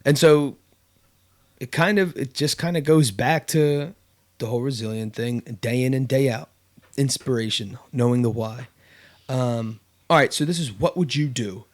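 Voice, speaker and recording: A man's voice: mid-range voice, moderate pace. Rambling storyteller man on a podcast. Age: adult with kids. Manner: storytelling, animated with many fillers and restarts. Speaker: podcast host. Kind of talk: casual podcast chat.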